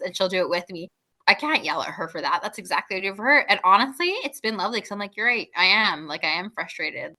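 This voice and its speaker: Bright-voiced chatty woman. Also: mid-range voice. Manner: chatty, lots of "like", laughs easily. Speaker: guest. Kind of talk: casual podcast conversation.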